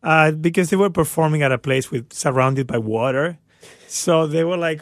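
A man co-hosting a morning radio show, English not his first language, telling stories with halting restarts. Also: mid-range voice, no room sound. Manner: halting, restarts, animated storytelling. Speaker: radio co-host. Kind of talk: casual radio banter.

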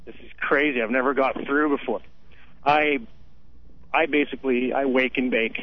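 A man's voice: medium pitch, fairly even intonation, normal speed, muffled recording, a little hiss or hum. A man calling into a radio show, laid-back and chatty. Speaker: caller. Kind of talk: phone-in call.

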